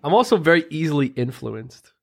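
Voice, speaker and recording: A man's voice: on the high side, sing-song, brisk, creaky. A young man co-hosting a podcast, chatting casually and telling rambling stories full of fillers. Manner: rambling storyteller, lots of "like" fillers. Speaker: podcast co-host. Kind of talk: casual chat.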